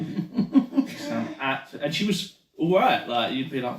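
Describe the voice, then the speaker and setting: A man's voice: mid-range voice, moderate pace, far from the mic. A man chatting on a podcast in casual banter, hesitant and trailing off, filling his talk with 'like'. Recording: echoey room, away from the mic.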